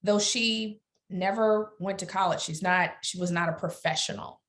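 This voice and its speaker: A woman's voice: medium pitch, fairly even intonation, moderate pace, a bit bright. A middle-aged woman with a Southern US accent from Alabama, speaking earnestly as a guest in an interview. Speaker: guest lawyer. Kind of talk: interview conversation.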